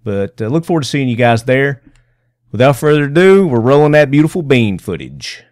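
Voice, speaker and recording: A man's voice: medium pitch, big pitch swings, fairly quick, a little mellow, no echo. A man hosting a podcast, talking loosely and jokily with lots of fillers, recording at a busy convention booth. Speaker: podcast host. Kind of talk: casual podcast chat. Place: convention booth on a show floor.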